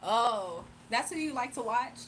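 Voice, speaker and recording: A young woman talks unhurriedly and playfully to her livestream chat in a fairly high voice, laughing often. She reads viewer comments aloud and teases them. Faint room ambience sits behind her. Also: lively intonation, unhurried, background noise. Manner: playful, teasing.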